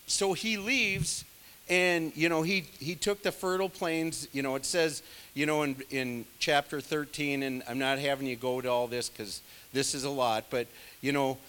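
Man, casual sermon, digressive storyteller, self-deprecating, higher-pitched, forceful tone. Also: long reverb tail. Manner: many fillers, conversational asides. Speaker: bible study leader.

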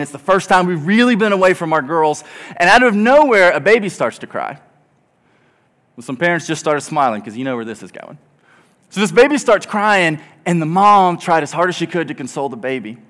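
Male pastor, 30s, high-ish voice, animated storyteller, addresses a church crowd. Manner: animated storytelling, acts out quotes. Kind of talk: sermon. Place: church auditorium.

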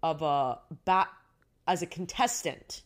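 A woman co-hosting a casual chat podcast, animated, laughing often and restarting her sentences. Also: deep voice, slow. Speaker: podcast co-host.

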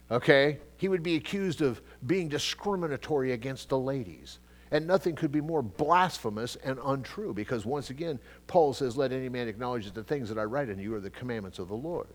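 Animated conversational man preaching. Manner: conversational preaching with frequent asides and repetitions; animated, swings between loud emphatic bursts and quiet low asides. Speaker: pastor. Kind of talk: sermon, Bible teaching.

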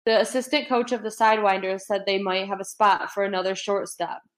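A woman's voice: mid-range voice, level tone, fairly quick, natural voice. A woman voicing a worried, bewildered middle-aged father in a read-aloud. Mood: pleading. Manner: pleading, anxious read-aloud.

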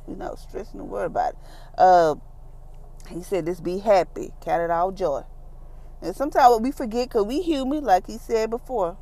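A woman giving a casual daily devotion, talking in a relaxed, down-to-earth way and acting out the voices she quotes. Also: medium pitch, moderate pace, slight background noise. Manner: conversational, acts out quoted voices; informal, down-to-earth phrasing. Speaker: devotional speaker.

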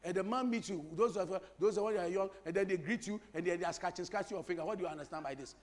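A man's voice: high-pitched, fast. A male pastor preaching a sermon, repeating phrases and teasing the congregation with humor. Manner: animated preaching with repetition and crowd-teasing humor.

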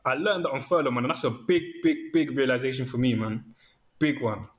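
Animated man in casual chat. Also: medium pitch, brisk. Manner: animated, acts out inner thoughts in quoted asides.

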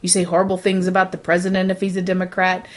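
A woman co-hosting a podcast in casual chat, talking in a rambling, animated way with many restarts. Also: on the low side, fast talker. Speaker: podcast co-host.

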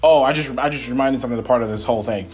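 A young man hosts his own podcast, retelling a personal story in a loose, animated ramble packed with fillers and swearing. His voice sits at an ordinary middle pitch. A faint guitar plays in the background. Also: racing. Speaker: podcast host. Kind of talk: casual solo storytelling.

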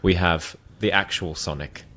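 A man's voice: low voice, steady tone, measured pace, pushed and bright. An Australian man co-hosting a podcast in casual chat, laid-back and trailing off with fillers and repeated words. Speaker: podcast co-host.

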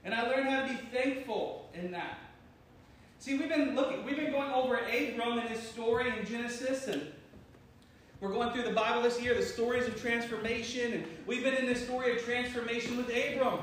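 A man's voice: extremely high pitch, fairly even intonation, normal speed, a bit bright, far from the mic. A man preaching a sermon to his congregation, joking and teasing the people in front of him and laughing at himself. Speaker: pastor. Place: church hall. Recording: very echoey room, voice from afar, faint noise.

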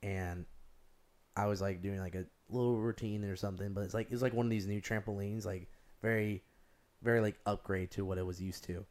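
A young man with a lowish voice, chatting casually and rambling through his stories. He leans on "like" constantly and gets animated in the telling. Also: a little fast. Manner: rambling, heavy use of "like", animated storytelling. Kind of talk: casual chat.

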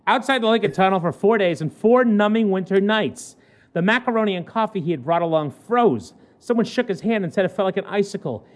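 High-voiced joking man reading news aloud. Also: lively intonation, fairly quick. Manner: joking, stumbles over words while reading. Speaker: podcast co-host. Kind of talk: casual chat, reading a news story aloud.

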